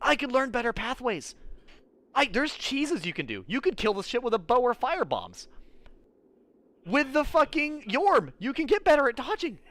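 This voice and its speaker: A man's voice: very high voice, sing-song, normal speed, a bit bright, no echo. A young man streaming a game, ranting with exasperated, profane commentary.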